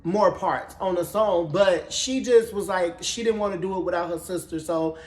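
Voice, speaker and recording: A high-voiced man gives a gossipy, sassy, profanity-laced TV episode recap at a moderate pace. He tells it with animated flair while the room around him sounds echoey.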